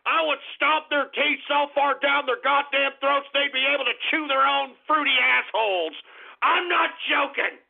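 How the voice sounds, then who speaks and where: High-pitched, gravelly ranting radio host man. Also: moderate pace. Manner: angry, profane ranting. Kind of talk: political talk radio rant. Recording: narrow phone-like radio sound.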